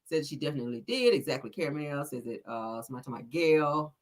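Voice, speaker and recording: A woman's voice: low-pitched, lively intonation, fast talker. A woman hosting a celebrity gossip commentary, blunt, profane and sassy as she reads viewer comments.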